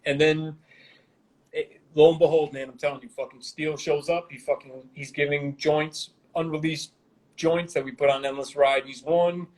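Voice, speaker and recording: A man's voice: on the high side, steady tone, moderate pace, darkish tone, poor audio. A man from Brooklyn, a guest rapper telling rambling, swear-filled stories in a casual interview. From Brooklyn, New York. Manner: rambling, heavy swearing, laid-back street slang.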